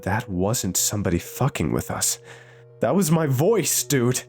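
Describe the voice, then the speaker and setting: Man doing a panicked teen boy, frantic, high-pitched, swearing. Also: expressive, slow pace, darkish tone, faint music behind. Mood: agitated. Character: panicked teenage scout boy, swearing nonstop.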